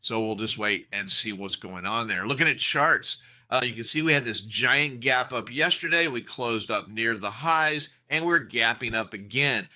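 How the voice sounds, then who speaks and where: A man's voice: mid-range voice, normal speed, few pauses, bright, forceful tone. A man hosting a casual morning market briefing, ranting in exasperation before settling into matter-of-fact notes. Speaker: trading coach, show host.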